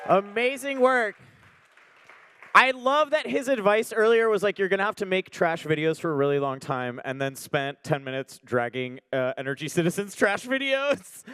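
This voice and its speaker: A man hosts a comedy show, introducing comedians and making self-mocking jokes between acts. His slightly high voice swings widely up and down as he talks. The sound is close and dry. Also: a bit bright, clear, resonant tone, dry recording. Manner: self-mocking, joking, up-and-down delivery. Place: comedy venue on stage.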